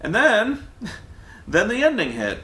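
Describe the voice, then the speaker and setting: A man's voice: sits high, wildly swooping pitch, slow, bright, forceful tone, roomy sound. A man who is a movie reviewer, chatting casually and animatedly with his brother, stammering and acting out quotes from the film.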